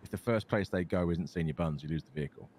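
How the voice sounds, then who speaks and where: Deep-voiced British man in role-play banter. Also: fast talker, a little mellow. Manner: matter-of-fact, swears casually, laughs easily. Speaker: game streamer in role-play. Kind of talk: in-character role-play chat.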